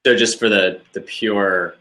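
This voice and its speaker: Man, bright voice, lowish pitch, joking casual chat. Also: fairly even intonation, unhurried. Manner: joking, reacts with short interjections. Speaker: podcast co-host.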